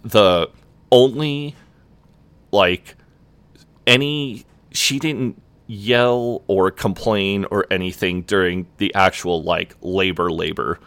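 A young man telling a personal story in casual chat, relaxed and full of fillers and swearing. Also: sits low, slow, no room sound. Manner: laid-back, swears often, lots of "like" fillers. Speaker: podcast co-host.

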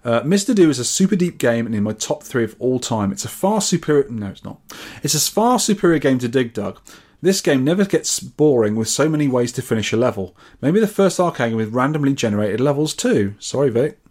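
A man's voice: mid-range voice, animated, a little fast, darkish tone. A man from England co-hosting a podcast, reading out listener scores and comments with wry asides in casual chat. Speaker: podcast co-host.

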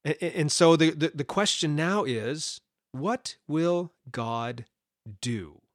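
A man's voice: a little high, slow pace, no echo, studio quality. Emphatic man teaching a Bible study. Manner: animated, emphatic with repeated stresses and brief laughs; restarts and fillers, conversational asides.

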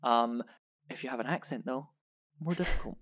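A woman's voice: a bass voice, normal speed. A Scottish woman co-hosting a casual podcast. She talks things through aloud with plenty of fillers and laughs easily. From Scotland. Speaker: podcast co-host. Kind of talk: casual chat about a science article.

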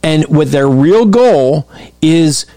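A man's voice: a little high, lively intonation, slow pace, dark tone, no echo, studio quality. A man giving emphatic, repetitive commentary over video clips. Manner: emphatic and repetitive, restarts often.

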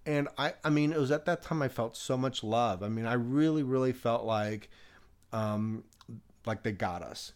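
A man's voice: medium pitch, moderate pace, clear, resonant tone. A man telling a long personal story in a casual chat, rambling with many restarts and fillers, often laughing as he talks.

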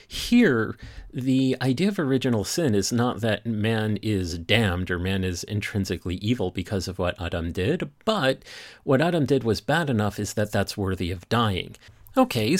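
Rabbi guy doing his podcast, lowish voice, dead dry close mic, reads hebrew then explains it. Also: no room sound. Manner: reads Hebrew text then translates line by line. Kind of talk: podcast text study.

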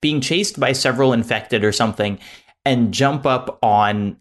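A man on a podcast excitedly recounting a game moment, speeding up as the action builds. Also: medium pitch, unhurried. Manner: animated storyteller, speeds up in the action. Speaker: podcast co-host. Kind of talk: casual game discussion.

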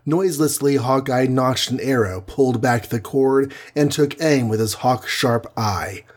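A man with a husky voice narrating a superhero adventure story in an even storytelling manner. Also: mid-range voice, measured pace. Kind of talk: audiobook narration.

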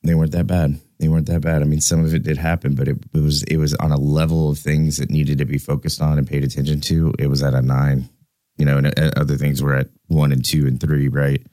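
A man's voice: rumbling low, level tone, fast talker, mellow, no echo, studio quality. A man in his thirties co-hosting a podcast, talking candidly in a casual way, swearing freely and often restarting his sentences. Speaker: podcast co-host.

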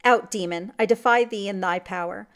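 A woman voicing a grief-stricken, enraged father who cries out loudly in a storybook reading. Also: mid-range voice, normal speed, lightly acted. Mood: anguished. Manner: crying out loudly.

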